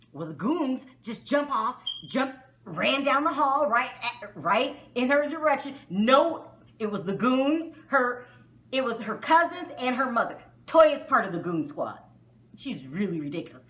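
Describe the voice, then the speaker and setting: A woman vlogger talks in a high, bright voice that swoops up and down as she reviews a show. She is outspoken and exasperated, breaking into frequent laughter, and her delivery is loose, conversational and full of energy. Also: big pitch swings, a little slow. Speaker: reality TV reviewer, vlog host. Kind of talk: casual spoken show review.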